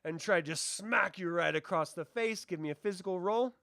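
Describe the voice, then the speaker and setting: A man's voice: high-pitched, moderate pace, vocal fry, bright, forceful tone, no echo, studio quality. A man running a tabletop game as game master, explaining rules and narrating the action.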